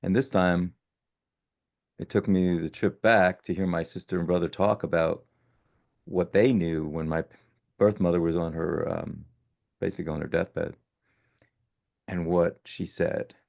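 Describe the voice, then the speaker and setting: A man in his sixties, a podcast guest telling his story casually, animated and often correcting himself mid-sentence. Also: low voice, a little slow, gravelly, pauses often. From born in Italy, raised in the United States. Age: 60s.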